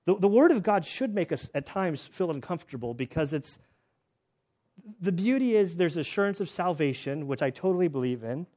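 A man preaching in an animated, storytelling way. His voice sits a little high, he often trips over restarts, and the recording sounds muffled and lo-fi. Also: moderate pace. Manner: animated, acts out quoted voices, self-interrupting restarts. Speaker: pastor and chaplain. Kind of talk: sermon with personal storytelling.

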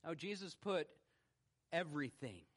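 Male pastor, fairly high voice, preaching in a church, lively swings between loud questions and quiet low stresses. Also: a little slow. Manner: animated, swings from loud rhetorical questions to hushed low emphasis. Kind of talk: sermon. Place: church sanctuary.

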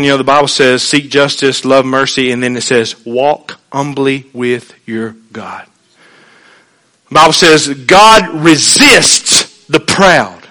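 A man preaching a sermon in an earnest, conversational way, swinging between hushed and emphatic, with folksy asides. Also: fairly high pitch, poor audio.

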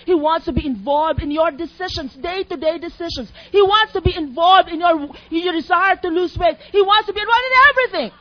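A woman preaching a sermon in an emphatic, teacherly way, asking her listeners questions. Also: high voice. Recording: dull lo-fi recording.

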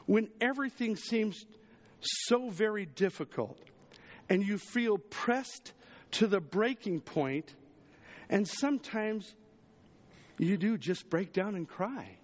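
High-voiced pastor preaching in a reverberant hall. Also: male voice, dull audio. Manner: conversational preaching, swings between raised exclamations and hushed low asides. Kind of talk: sermon.

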